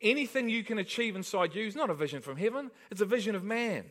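High-voiced man preaching emphatically. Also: animated, fast talker, a bit bright. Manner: emphatic, rhetorical questions to the congregation. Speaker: pastor. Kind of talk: sermon.

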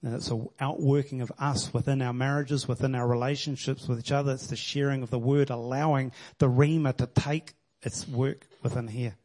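A man's voice: medium pitch, steady tone, moderate pace, few pauses, warm tone. A man preaching a sermon in an earnest, conversational way, reading scripture and explaining it.

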